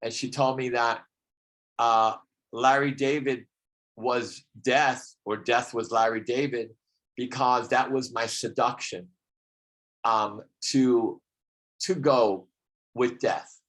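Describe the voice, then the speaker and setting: A man telling a personal story about healing, in a reflective, halting way with many pauses, over a video call. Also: medium pitch, fairly even intonation, fairly bright tone. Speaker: speaker sharing a healing story.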